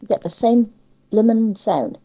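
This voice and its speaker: Older woman, Cornish accent, emphatic casual chat, fairly high voice. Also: lively intonation, measured pace, dark tone, rough recording. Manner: chatty, opinionated, emphatic. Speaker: interviewee. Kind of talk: casual conversation.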